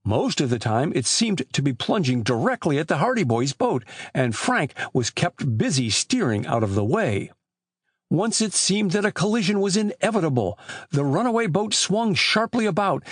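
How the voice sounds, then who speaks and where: Male audiobook narrator, expressive and animated, slightly higher voice, dry close recording. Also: breathy edge, no echo. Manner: animated reading with lively shifts for characters. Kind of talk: scripted narration.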